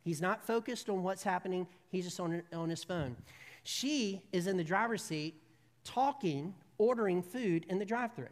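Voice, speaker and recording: Preaching in a church sanctuary, a woman with a lowish voice speaks at a moderate pace, telling stories in a chatty, humorous way before growing earnest. The long reverb of a large hall fills the recording.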